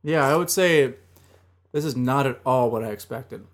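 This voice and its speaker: Male co-host, stuffed up, relaxed rambling tasting chat, average pitch. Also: normal speed. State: stuffed up nose. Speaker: co-host of a beer tasting show.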